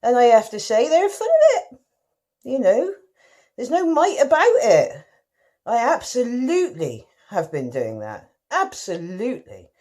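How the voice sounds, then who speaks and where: A woman's voice: on the high side, wildly swooping pitch, measured pace, a little mellow. A woman from the West Country with a broad, exaggerated West Country accent, giving a chatty, self-mocking comic monologue as a contestant and calling her listeners darlings. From West Country, England.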